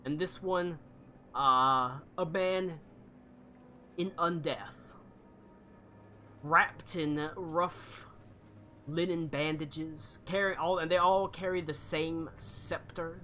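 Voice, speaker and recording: Male game master, slow deliberate narration, lots of fillers, bright tone. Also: a little high, steady tone, a little hiss or hum.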